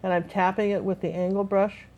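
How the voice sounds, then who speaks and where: A woman's voice: mid-range voice, flat delivery, brisk, a little mellow, muffled recording, slight background noise. A woman teaching a live painting class, telling stories in a rambling way with many fillers and restarts.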